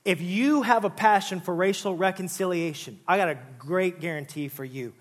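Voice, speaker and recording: Guy preaching, kinda high voice, keeps saying listen and all right, loose and jokey. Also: moderate pace. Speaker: pastor. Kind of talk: sermon.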